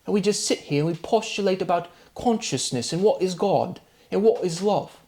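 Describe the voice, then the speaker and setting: A man's voice: high voice, animated, normal speed, darkish tone, pitched above the performer's own voice. A man putting on a dainty mock-English philosopher. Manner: airy, precious, mocking.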